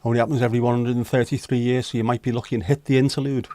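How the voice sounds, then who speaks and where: Rapid-fire and dark-toned, a man's medium-pitched voice shows little pitch movement, with no room sound. Hosting a casual virtual pub livestream, he reads comments from viewers and jokes, chats and banters with chat.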